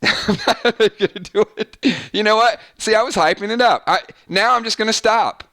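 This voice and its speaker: A man's voice: high-pitched, normal speed, bright, forceful tone. A man hosting a live stream, chatting casually and thanking viewers by name, often stumbling and restarting his sentences. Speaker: live-stream show host.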